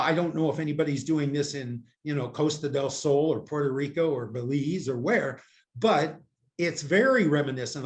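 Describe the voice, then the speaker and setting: An older man from the United States tells long, wandering stories in a casual interview, poking fun at himself and leaning on "you know." His voice sits a little higher than most men's, and it comes through a laptop's built-in microphone. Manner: rambling, self-mocking storyteller with many "you know"s. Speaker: interview guest. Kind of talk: casual video-call interview chat. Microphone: laptop camera microphone.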